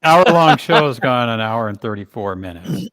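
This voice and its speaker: A man's voice: medium pitch, animated, moderate pace, a bit bright. A man co-hosting a casual talk show over a video call, joking and teasing in a sarcastic way. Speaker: co-host.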